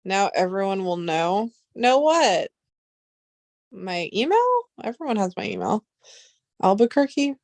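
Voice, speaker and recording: A young woman chatting casually on a livestream, rambling and excitable, swearing freely. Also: mid-range voice, a little slow, gravelly, long pauses, no echo. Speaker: livestream host.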